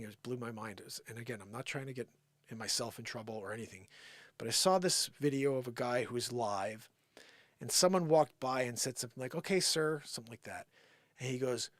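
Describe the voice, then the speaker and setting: A man hosting a live show, ranting in an animated, sarcastic opinion monologue. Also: medium pitch, no echo.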